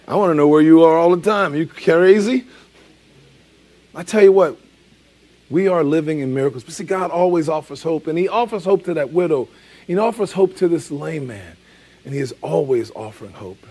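A man's voice: fairly high pitch, moderate pace, a little mellow. A man in his forties preaching a sermon in a conversational, emphatic way, repeating key phrases. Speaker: pastor.

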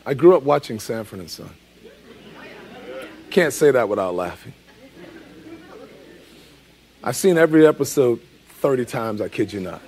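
A man's voice: mid-range voice, expressive, moderate pace, pauses often, darkish tone, husky. A man in his forties preaching a sermon in a conversational, emphatic way, repeating key phrases. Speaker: pastor.

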